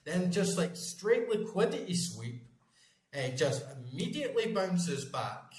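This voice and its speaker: In an echoey room, a gaming channel host in his forties chats casually, rambling, emphatic, and swearing constantly. His voice is high-pitched and sing-song, and he keeps a measured pace.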